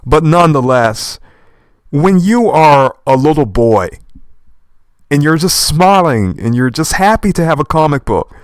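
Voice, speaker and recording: A young man with a slight lisp rambling in animated commentary while reading a manga aloud, dropping in old-fashioned verb endings. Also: a little high, dry recording, clean studio sound. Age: young adult. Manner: animated, fast and passionate talker.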